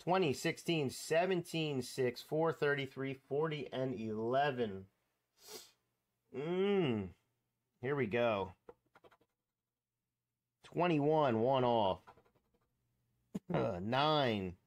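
A man's voice: mid-range voice, expressive, drawn-out words, long pauses. A man hosting a scratch-off ticket channel, commenting casually and exclaiming as he counts numbers aloud. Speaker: lottery scratch-off channel host.

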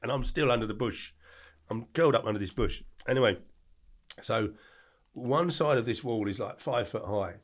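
A middle-aged man telling animated anecdotes as a podcast guest, acting out the quotes in his stories. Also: medium pitch, moderate pace. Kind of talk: casual storytelling.

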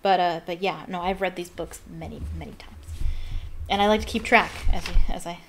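A woman's voice: on the low side, steady tone, brisk, a bit bright, slight background noise. A woman hosting a casual read-aloud, chatting in rambling, giggly asides. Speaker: reader and host.

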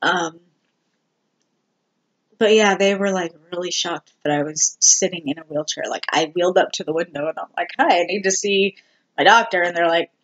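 A vlogger giving a candid personal update, talking slowly and haltingly with many ums and restarts. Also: medium pitch, fairly bright tone, highs cut off. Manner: candid and self-deprecating. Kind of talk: casual personal health update.

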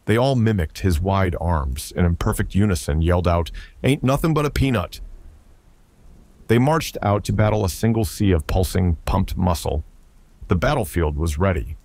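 Guy reading a sci-fi story out loud, low voice, dry close sound. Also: moderate pace, vocal fry, no echo. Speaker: story narrator. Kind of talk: scripted narration.

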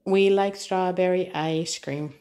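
Woman, mother reading an alphabet workbook, slow and patient, spells letter by letter, lowish voice. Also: fairly even intonation, mellow, a little hiss or hum. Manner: patient, spells words letter by letter, repeats the child's prompts.

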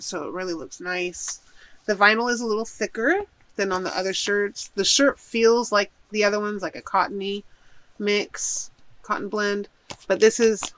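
A woman's voice: mid-range voice, a bit bright, poor audio. A woman chatting casually while unboxing a shopping haul at home, gushing and thinking aloud as she unpacks. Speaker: haul vlogger.

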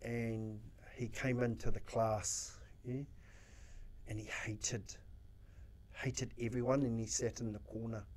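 A man's voice: medium pitch, little pitch movement, slow, a little mellow. A New man, a social worker, telling stories in a casual interview, acting out his own quotes and swearing freely. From New Zealand.

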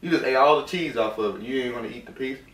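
Relaxed father vlogging from an echoey room. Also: mid-range voice, racing. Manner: relaxed, playful, often softly spoken. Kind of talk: casual mukbang chat with his baby. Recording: echoey room, mic at a distance, faint noise.

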